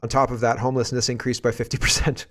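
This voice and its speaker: A man's voice: mid-range voice, level tone, fast talker, fairly bright tone. A Canadian man hosting casual political commentary, rambling and sarcastic and often laughing.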